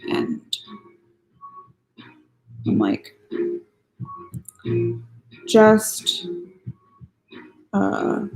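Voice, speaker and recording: A woman's voice: mid-range voice, creaky, low-quality recording. A woman streamer chatting casually and grumbling playfully while she builds a model. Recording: soft music playing behind.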